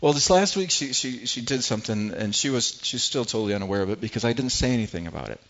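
A man's voice: medium pitch, expressive, fast, fairly bright tone, highs cut off, slight background noise. A middle-aged man preaching a sermon as pastor, earnest and prone to repeating words as he builds his points.

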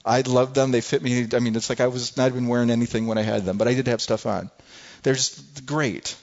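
A man preaching a sermon, telling a folksy, animated personal story with frequent restarts. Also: mid-range voice, a little fast, dull audio. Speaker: pastor.

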